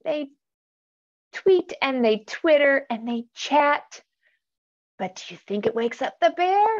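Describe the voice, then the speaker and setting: A woman reading a picture book aloud to children, animated, gasping and asking questions as she goes. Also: high-pitched, slow, lo-fi sound. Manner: animated, gasps, asks listeners questions. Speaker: storytime reader.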